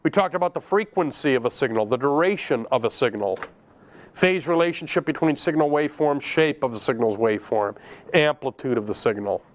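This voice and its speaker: A man's voice: mid-range voice, lively intonation, a little fast. A middle-aged man teaching an electronics class, chatty and joking, laughing at his own asides. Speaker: electronics instructor. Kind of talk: classroom lecture.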